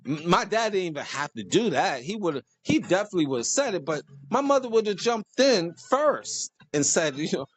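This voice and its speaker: A man hosting a casual monologue, preachy and animated, joking and laughing at his own lines. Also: high voice, moderate pace, hardly any pauses, soft background music. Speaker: host.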